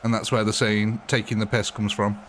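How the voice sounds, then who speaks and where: A low-voiced man chats through a live gaming stream. His talk is loose, jokey and rambling. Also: little pitch movement, a little fast, slight background noise. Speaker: live-stream gamer host. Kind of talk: casual live-stream commentary.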